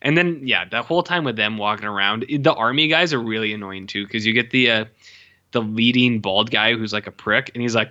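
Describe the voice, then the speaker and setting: A man chats about a movie, animated and profane, breaking into goofy voices for the characters. His voice is bright and forceful, and the recording sounds dull and lo-fi. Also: medium pitch, a little fast. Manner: animated, profane, acts out film lines in funny voices. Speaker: podcast co-host. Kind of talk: casual movie chat.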